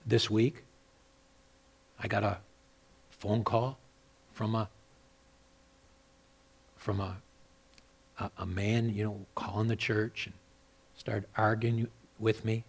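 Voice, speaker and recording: A man preaching a sermon as a pastor, moving between loud, emphatic exhortation and quieter personal storytelling with repeated words. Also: on the low side, little pitch movement, takes it slowly, gravelly, pauses often, breathy edge. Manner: repeats and restarts words when telling a story.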